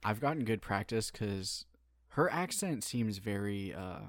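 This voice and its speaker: A man's voice: on the low side, expressive, measured pace, no room sound, studio quality. A man with a West Coast American accent co-hosting a podcast in casual chat, eager and profane, often saying "like". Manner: enthusiastic, profane, says like a lot. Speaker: podcast co-host.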